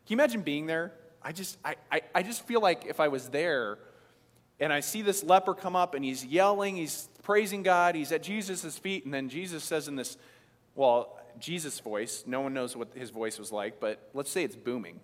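A man's voice: fairly high pitch, animated, moderate pace. A man, preaching a sermon in an emphatic, conversational way with frequent restarts. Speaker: pastor. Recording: long reverb of a large hall.

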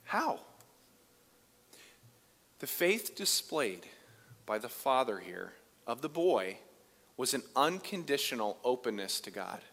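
A man preaching a sermon as pastor, conversational, moving between loud emphasis and quiet asides. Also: mid-range voice, very animated, takes it slowly, gravelly, long pauses. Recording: long reverb of a large hall.

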